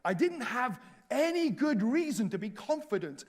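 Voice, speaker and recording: A man preaching in a church, telling a self-mocking travel story with lively humor. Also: very high voice, moderate pace. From Wales. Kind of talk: storytelling sermon. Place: church hall.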